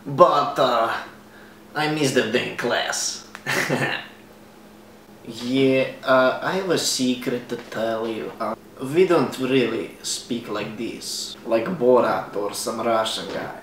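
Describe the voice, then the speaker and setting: Deadpan young man. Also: mid-range voice. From Bosnia and Herzegovina. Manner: deadpan, jokey, exaggerated delivery. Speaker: comedy vlogger. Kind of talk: comedic monologue to camera. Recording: echoey room with faint background noise, voice a bit off-mic.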